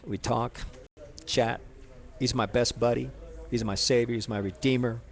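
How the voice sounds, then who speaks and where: A man telling a personal story in a rambling, halting way, full of restarts and fillers, speaking to someone he addresses directly. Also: medium pitch, steady tone, gravelly.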